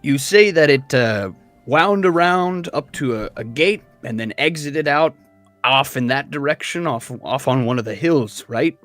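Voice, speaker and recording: A man running a tabletop game as dungeon master, narrating in a relaxed, conversational way. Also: mid-range voice, measured pace, no echo, soft background music.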